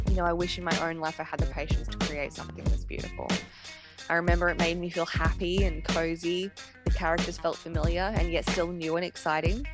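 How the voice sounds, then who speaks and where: A woman in her thirties hosting a podcast, chatty and self-mocking, reading a scripted monologue with frequent giggles. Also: fairly low pitch. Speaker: podcast host. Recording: music bed behind the voice.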